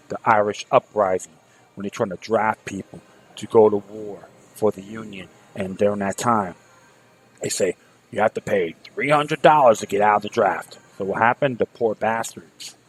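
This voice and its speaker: A man's voice: on the low side, husky, poor audio. A man hosting a political commentary talk show, sarcastic and fiery, rallying his listeners and repeating words as he starts sentences. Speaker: show host.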